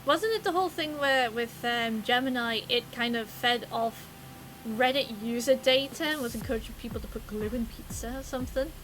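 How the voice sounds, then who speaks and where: A woman's voice: fairly high pitch, normal speed, fairly bright tone, a little hiss or hum. A woman livestreamer chatting casually, rambling and swearing, with lots of fillers. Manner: rambling and profane, with many fillers. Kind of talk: casual stream chat.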